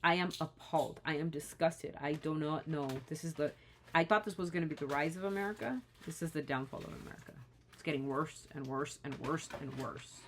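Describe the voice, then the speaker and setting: A woman's voice: sits low, a little fast, slight background noise. A woman talking straight to the camera in an impassioned vlog, indignant and pleading, often restarting her sentences. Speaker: vlogger.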